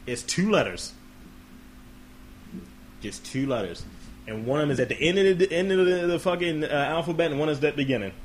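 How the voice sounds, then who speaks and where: A man's voice: on the high side, brisk, pauses often, slight background noise. A man hosting a podcast in casual comedic chat, swearing freely and acting out quoted voices. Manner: profane, animated, acts out quotes. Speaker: podcast host.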